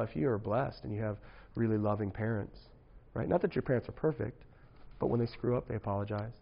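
A man's voice: lowish voice, vocal fry, lo-fi sound. A man preaching to young people in a casual, joking way, often tossing in "right?" asides. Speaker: youth pastor.

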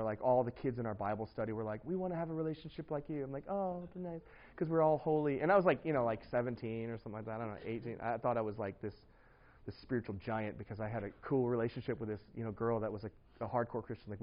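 A man preaching to a congregation, spinning a personal story in a lively, rambling way, full of fillers and quick laughs. His voice swings up and down a lot as he tells it. The recording sounds a bit dull and lo-fi. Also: mid-range voice.

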